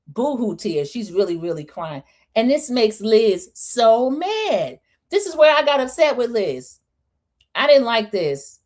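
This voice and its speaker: Woman, middle-aged, casual livestream recap host, animated retelling, mid-pitched voice. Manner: animated retelling, acting out quoted lines. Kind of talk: casual chat.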